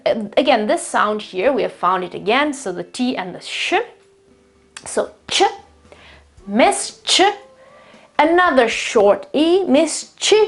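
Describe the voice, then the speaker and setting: A woman, a native Italian speaker, gives an English pronunciation lesson at a whiteboard, her voice sitting at a medium pitch. She explains patiently, with plenty of fillers, and repeats each tricky word slowly several times. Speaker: English teacher. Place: room with a whiteboard.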